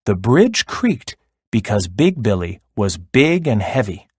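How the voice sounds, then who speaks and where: A man reading a children's story aloud in a slow, expressive way. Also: on the low side, husky, no room sound, studio quality. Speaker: narrator.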